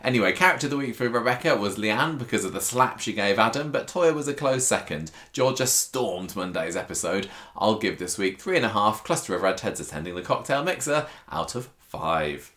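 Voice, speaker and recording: Chatty man, fairly low voice. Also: animated, fairly quick, few pauses, a bit bright. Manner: chatty, rambling with fillers. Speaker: podcast co-host. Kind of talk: casual chat, reading listener feedback.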